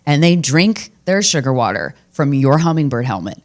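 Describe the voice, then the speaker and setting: Brash, profane woman comedian with a deep voice, hosting her podcast as she riffs through a story, jumping suddenly into loud highs. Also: very animated, normal speed, few pauses.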